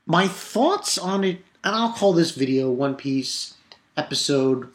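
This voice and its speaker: A man's voice: a little high, expressive, slow. A young man casually recapping a cartoon episode, rambling and swearing, with lots of fillers and restarts. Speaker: anime episode reviewer.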